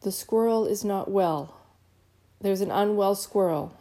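A woman voicing a stern, exasperated mother who speaks slowly and emphatically, spelling each word out. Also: medium pitch, mellow, close to an everyday voice. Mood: deliberate. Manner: slow, emphatic, spelling things out.

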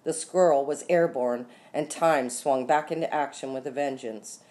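A woman with a very low voice reads a children's story aloud. Her narration is expressive and lively, stretching words out for dramatic effect. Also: normal speed. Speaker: audiobook narrator. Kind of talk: scripted narration.

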